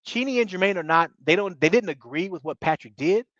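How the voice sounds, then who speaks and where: A man recapping a reality show in casual commentary, talking excitably in slang and tripping over his words. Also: sits high, fairly quick, dry recording, muffled recording. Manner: excitable, slangy, repeats bro, stumbles.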